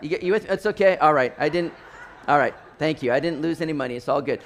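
A man preaching a sermon, telling stories with animated delivery and acting out the voices of people in them. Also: fairly high pitch, quick pace. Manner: animated storytelling, acts out voices, rising to near shouts. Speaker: pastor.

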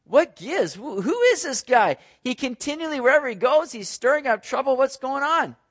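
A man's voice: very high voice, very animated, normal speed, a bit bright, pitched above the performer's own voice, full character voice. A man voicing an exasperated Roman army commander who keeps asking questions in disbelief. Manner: incredulous, questioning.

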